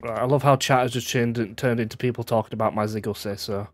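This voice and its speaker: A man's voice: mid-range voice, fairly even intonation, fast, no echo. A man in his twenties hosting a casual gaming livestream, chatting loosely and breaking into laughter often. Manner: giggly, easily laughing, loose rambling. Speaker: streamer host.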